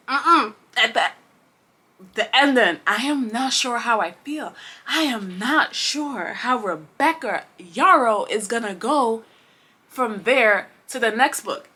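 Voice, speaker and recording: Bright-voiced chatty woman book vlogger. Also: medium pitch. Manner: chatty, rambling, full of fillers and restarts; passionate and expressive. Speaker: booktuber. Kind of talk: casual chat to camera. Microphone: camera.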